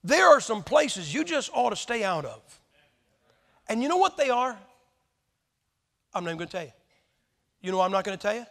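Gravelly man preaching in a reverberant hall. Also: high-pitched, very animated, moderate pace, pauses often, sharp tone. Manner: folksy, joking, rhetorical questions to the congregation. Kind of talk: sermon.

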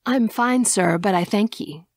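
A woman's voice: medium pitch, a little slow, no echo, studio quality, pitched above the performer's own voice. A woman voicing an anxious young lady who lifts her voice to sound more confident than she feels. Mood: guarded. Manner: raised voice, trying to sound confident. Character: anxious young woman, wary but proud.

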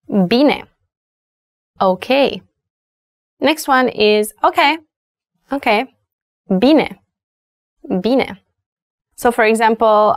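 Slow-paced Romanian woman teaching words. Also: mid-range voice, no room sound, clean studio sound. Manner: patient, repeats words slowly for learners. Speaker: language teacher. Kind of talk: language lesson.

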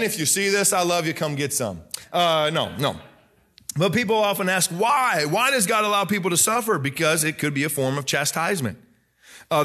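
A pastor in his thirties, with a fairly high-pitched voice, preaches a lively sermon. He acts out people's voices and rises to a shout for emphasis.

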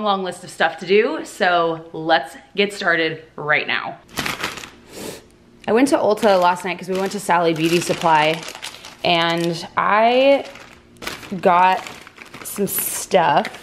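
A young woman chatting casually to her camera in a vlog, slangy and quick with asides. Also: fairly low pitch, slight background noise. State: out of breath after a workout. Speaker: vlogger.

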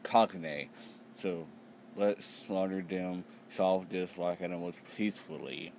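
A young man hosting a casual live manga reaction, reading panels aloud and swearing excitedly, sounding tired. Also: low-pitched, slow pace. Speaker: manga reaction channel host.

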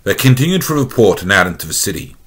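A man with an Australian accent reading a fan-written space story aloud as narrator, in a plain, steady way. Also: fairly low pitch, fast.

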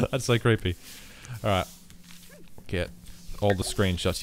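A man casually commenting on his life-simulation game, rambling and breaking into sudden excited outbursts. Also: low voice, brisk. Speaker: let's play host.

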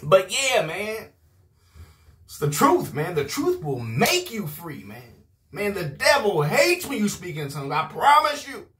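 A man's voice: sits high, wildly swooping pitch, measured pace, fairly bright tone. A man preaching an informal video sermon. He talks in a rowdy, emphatic way, often repeating "man" and "I promise you".

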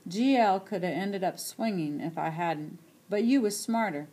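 A woman's voice: medium pitch, moderate pace, dark tone, close to an everyday voice. An elderly grandmother, as a woman reads her. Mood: insistent. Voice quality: plain rural dialect speech. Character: elderly Southern grandmother, proud and stubborn.

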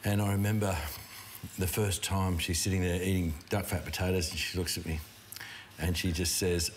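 A low-voiced Australian man chats while he cooks, rambling through stories and laughing often. Background noise runs clearly under this live home-kitchen stream. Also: little pitch movement, normal speed. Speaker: chef and host. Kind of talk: casual chat while cooking.

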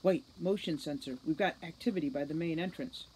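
A woman's voice: deep voice, fairly quick, mellow, slight background noise, close to an everyday voice, low-quality recording. A woman voicing a smug, wisecracking male centaur technician with a flippant, sarcastic manner.

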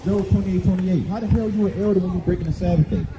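A man's voice: sits high, fairly even intonation, fast, dull audio. A man preaching on the street outdoors at a gas station, scolding and calling for scripture to be read. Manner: confrontational, scolding, repetitive call-and-response. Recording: noisy outdoor street recording.

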